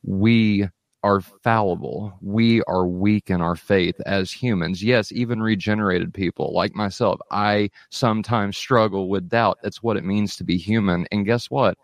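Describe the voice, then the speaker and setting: A man's voice: on the low side, fairly even intonation, a little slow, no echo, clean studio sound. A man hosting a faith podcast, earnestly summing up the discussion. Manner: earnest, summarizing, affirming. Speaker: podcast host. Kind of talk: conversational podcast chat.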